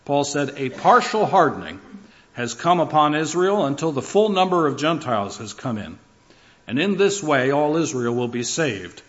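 A man's voice: fairly high pitch, big pitch swings, normal speed, muffled recording. A man preaching a sermon, building his points through rhythmic lists and shifts in emphasis. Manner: emphatic, rhythmic lists with rising and falling delivery.

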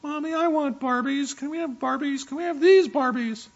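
A man doing a shrill, begging little girl. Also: moderate pace, highs cut off. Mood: pleading. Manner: shrill, insistent, pitch climbing. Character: excited little girl of seven begging for dolls.

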